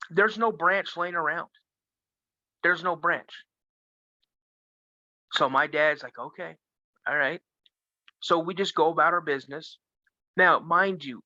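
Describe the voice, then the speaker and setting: A man from Minnesota, a guest telling a story in a casual, animated way. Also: fairly high pitch, dry recording. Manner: animated, acts out the voices of others. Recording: dull lo-fi sound.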